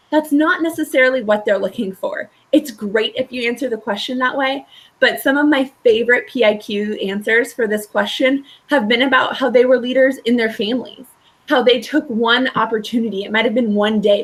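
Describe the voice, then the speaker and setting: A woman's voice: a little high, fairly bright tone, low-quality recording. A woman school counselor presenting a webinar, talking in a conversational, reassuring way with frequent fillers and tag questions.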